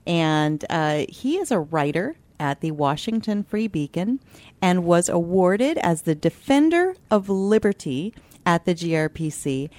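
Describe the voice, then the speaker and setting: A woman's voice: fairly low pitch, sing-song, a little slow, darkish tone, dry recording. A woman hosting a talk radio show, upbeat and chatty, laughing easily.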